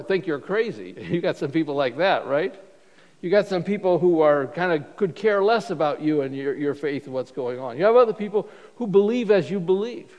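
Male pastor, high voice, loose stop-start sermon delivery, reverberant hall sound. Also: darkish tone. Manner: informal, halting delivery with frequent restarts. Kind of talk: conversational sermon.

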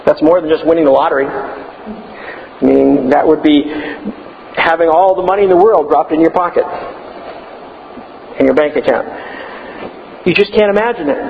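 A man preaching a sermon, emphatic and building to loud declarations. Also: sits high, long reverb tail, muffled recording, a little hiss or hum.

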